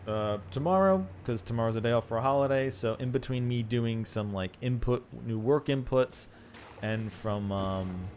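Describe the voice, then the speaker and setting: A man's voice: medium pitch, slight background noise. A man streaming a game live, chatting casually and ranting with lots of swearing and laughter. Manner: rambling, profane ranting with frequent laughs.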